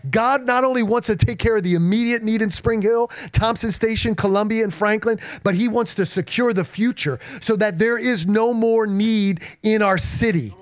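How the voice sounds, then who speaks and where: Male pastor, energetic sermon delivery with congregation call-outs, voice on the higher side. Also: moderate pace, hardly any pauses. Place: church in front of a congregation.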